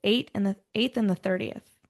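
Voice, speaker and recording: Speaking at normal speed in a mid-range voice, a woman hosts a true-crime podcast, mixing read narration with casual chat and offhand asides.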